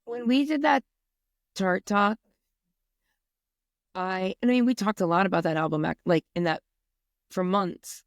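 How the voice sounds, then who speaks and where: A woman co-hosting a podcast, chatting casually with quick, wry asides. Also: mid-range voice, no room sound, studio quality. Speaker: podcast co-host. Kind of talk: casual chat.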